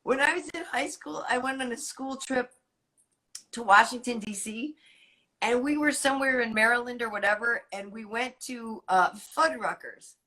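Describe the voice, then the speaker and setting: A woman's voice: fairly high pitch, moderate pace, sharp tone. A middle-aged woman from Massachusetts hosting a casual chat, telling stories animatedly and laughing easily. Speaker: host. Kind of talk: casual late-night chat.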